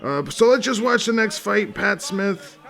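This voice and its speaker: A man's voice: high-pitched, expressive, measured pace, vocal fry, a bit bright. A man casually commentating on old fight footage, rambling, swearing often and laughing along.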